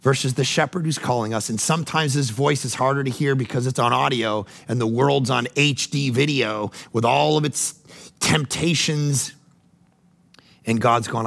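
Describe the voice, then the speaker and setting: A middle-aged male pastor preaching a sermon, animated, jumping between loud mock voices and hushed, calm passages. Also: mid-range voice, moderate pace, gravelly.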